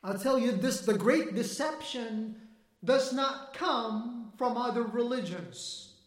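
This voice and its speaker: A man delivers a sermon, pressing his points with emphatic, swelling force that nears a shout. His voice sits remarkably high for a man. The room around him rings with echo. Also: slow. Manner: emphatic preaching, rising to near-shouting. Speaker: preacher.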